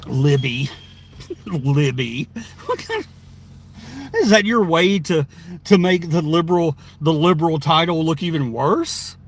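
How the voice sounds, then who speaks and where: A man's voice: fairly high pitch, unhurried. A man live streaming from inside his car, reading viewer chat aloud and answering it in a rambling, chatty way with frequent laughs.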